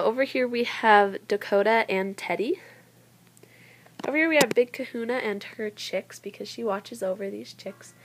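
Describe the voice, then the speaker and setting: Teenage girl, casual toy tour, chatty, giggly, mid-pitched, talking into a handheld camera. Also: poor audio. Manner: chatty, giggly, loses her train of thought. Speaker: toy collector vlogger. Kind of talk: casual show-and-tell tour.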